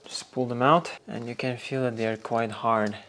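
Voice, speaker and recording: A man's voice: mid-range voice, steady tone, normal speed, fairly bright tone, slight background noise. A man hosting a car restoration video, explaining each step casually while he works in a garage workshop. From Norway.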